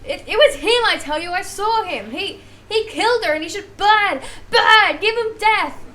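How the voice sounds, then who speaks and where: A woman with an Australian accent voicing a hot-tempered male witness in a video game, shouting and stammering. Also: high-pitched, lively intonation, moderate pace. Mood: furious.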